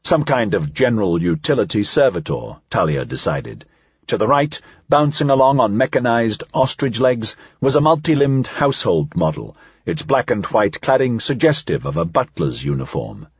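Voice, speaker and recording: Male audiobook narrator, husky, lively pitch, dull dry recording. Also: moderate pace, no echo. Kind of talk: scripted narration.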